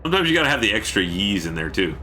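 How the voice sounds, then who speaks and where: A man's voice: lowish voice, sing-song, very fast, pushed and bright, a little hiss or hum. A man chatting casually through a gameplay stream from home, keeping his voice down, thanking viewers and letting out sudden yelps.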